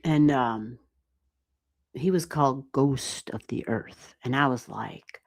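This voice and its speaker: A woman giving live astrology readings on a stream, chatty and animated, swearing casually and laughing often. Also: extremely low pitch, a little slow, creaky. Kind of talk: casual livestream chat.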